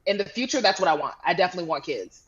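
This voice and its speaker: A woman's voice: on the low side, expressive, rapid-fire, fairly bright tone, dull audio. A woman in her thirties from Georgia, a guest in a casual interview, speaking plainly with short friendly agreements. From Georgia, USA. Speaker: guest, fitness champion.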